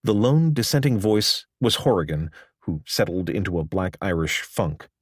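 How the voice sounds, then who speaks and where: A man in a measured, even scripted audiobook narration. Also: sits low, husky, no echo, studio quality.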